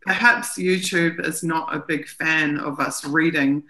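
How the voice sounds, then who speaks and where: A woman reads official text aloud on a live stream, pausing to comment on it. Her voice is bright and forceful. The sound is roomy and echoey, as if from a video call mic. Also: low voice, fairly even intonation. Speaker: co-host analysing documents. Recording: roomy echo.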